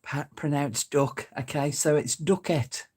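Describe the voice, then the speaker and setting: A woman's voice: deep voice, a little slow, a little mellow, slightly rough. A woman, hosting a crafting livestream in a homely, chatty way and greeting viewers by name. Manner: chatty, homely, reads out and chuckles at comments. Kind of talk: casual live-stream chat greeting viewers.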